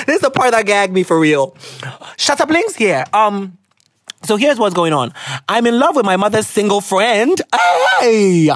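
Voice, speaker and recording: Lively, chatty young woman podcast host. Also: medium pitch, moderate pace, slightly rough, no room sound, clean studio sound. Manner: animated and chatty, laughs often, goes off on tangents, mixes in Twi slang. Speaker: podcast host reading listener letters. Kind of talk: casual chat.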